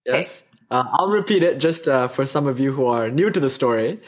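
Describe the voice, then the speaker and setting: A man telling a teaching story in a casual, animated way. He laughs often and drifts off on tangents. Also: medium pitch, normal speed.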